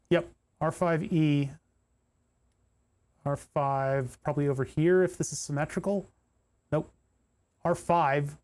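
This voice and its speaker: A fairly high-pitched, slightly mellow male voice belongs to a streamer building electronics kits. He solders live, talking casually through each step and muttering in frustration while hunting for parts.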